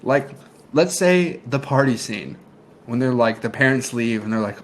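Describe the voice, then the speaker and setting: A man with a medium-pitched voice co-hosts a casual movie review podcast at a moderate pace. He's animated, retelling scenes and laughing often as he goes.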